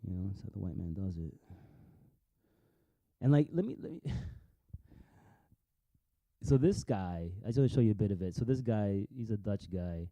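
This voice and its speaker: A man's voice: fairly low pitch, animated, moderate pace, pauses often, mellow, no room sound. A man commenting casually on video clips, rambling, swearing, and repeating words as he goes. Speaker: vlogger.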